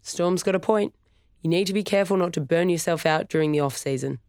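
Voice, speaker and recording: Narrator as a jokey aussie surfer dad, middle-aged, relaxed, dry close mic. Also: medium pitch, fast talker, no echo, natural voice. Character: middle-aged man, cheerful surfing dad.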